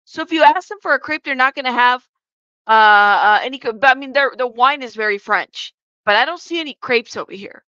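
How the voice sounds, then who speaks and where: A woman with a high, bright, forceful voice talks fairly quickly while hosting a live commentary stream, reading the chat aloud and cracking jokes. She's chatty, tosses in joking asides, and laughs often. The sound is dull and lo-fi, with no echo.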